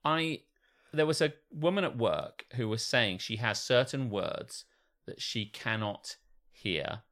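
A man from Britain joking his way through a casual comedy podcast chat. His bright, forward voice swoops up and down as he mimics people and tosses out cheerful profanity. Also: medium pitch, slow pace. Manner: animated, swears freely, acts out quoted people in shifting voices. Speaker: podcast co-host.

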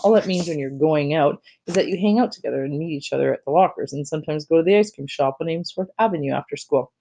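Brief: casual storybook reader, kid-like delivery, warm and mellow. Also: medium pitch, fast talker, gravelly, slight background noise. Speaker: audiobook reader. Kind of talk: reading a children's novel aloud, first-person narration.

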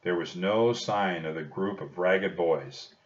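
A man narrating a children's storybook audiobook in a slow, expressive storytelling manner. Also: deep voice. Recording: dull distant recording.

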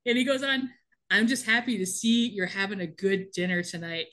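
A woman in casual chat, recapping a TV episode with lively, laughing delivery and quick acted-out lines. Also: mid-range voice. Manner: animated, laughing often, acts out characters' lines. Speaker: podcast co-host recapping a TV episode.

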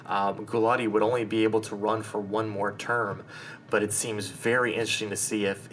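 A man's voice: on the low side, fairly bright tone, a little hiss or hum, low-quality recording. A man co-hosting a sports podcast, talking casually and rambling, often restarting his sentences. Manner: rambling, lots of fillers and restarts. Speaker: podcast co-host.

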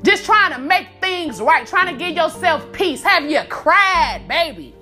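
A woman hosting a podcast, giving casual, profane, animated motivational advice with frequent laughs, calling the listener baby. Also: very high-pitched, unhurried, soft background music. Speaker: podcast host.

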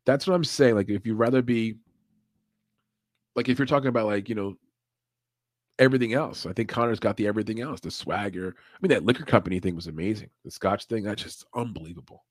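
Casual male podcast host, a bit low-pitched, swears freely, laughs a lot, dry close sound. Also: quick pace, dry recording. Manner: loose, profane, laughs often. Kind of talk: casual livestream chat.

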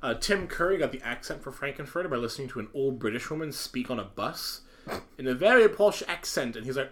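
A man's voice: medium pitch, expressive, a little fast, fairly bright tone. A man co-hosting a casual podcast chat about a film, laughing often, with lots of ums and uhs. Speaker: podcast co-host.

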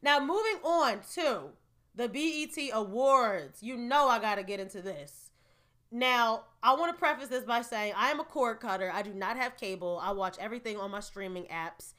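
Woman vlogging, bright voice, kinda high, chatty and opinionated recap. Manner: chatty, opinionated, laughing asides. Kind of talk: casual entertainment recap.

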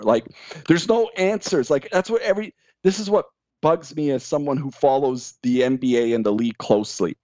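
A man's voice: medium pitch, normal speed, dark tone, dry recording. A man in casual podcast chat, ranting emphatically and mocking others' opinions in quoted voices. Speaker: podcast guest. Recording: dull, lo-fi sound.

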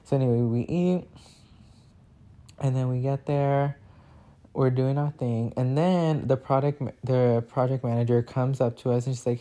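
A young man chatting casually in a vlog, telling a story with lots of filler words and acting out quotes in a higher voice. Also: steady tone, normal speed, dark tone. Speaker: vlogger.

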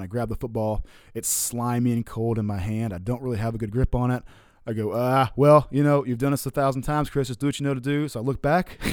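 Man, adult, casual storyteller, profane and laughing, mid pitch, dry recording. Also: no echo. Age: adult, looking back on his college years. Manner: relaxed and profane, with frequent laughs and fillers.

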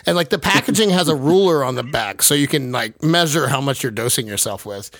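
A man's voice: medium pitch, animated, fairly quick, vocal fry, fairly bright tone, dry recording, studio quality. Laughing, swearing man telling stories. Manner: laughing storyteller, swears freely. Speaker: podcast host. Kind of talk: casual chat. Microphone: video call.

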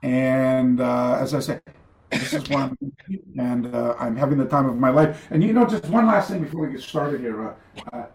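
An older man, a karate master, telling stories as an interview guest over a video call, animated and rambling, with many fillers and restarts. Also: medium pitch, normal speed, roomy sound. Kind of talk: casual storytelling interview.

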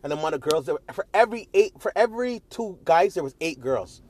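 A man's voice: on the high side, expressive, quick pace, a little mellow, no room sound. A young man hosting his own podcast in a casual solo monologue, rambling and swearing freely, with many fillers and restarts. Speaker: podcast host.

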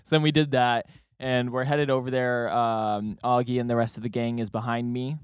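A man's voice: medium pitch, normal speed, clear, resonant tone, no room sound, studio quality. Young man telling a story on a podcast. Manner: animated, acts out quoted voices, many fillers. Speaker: podcast co-host. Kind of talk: casual storytelling chat.

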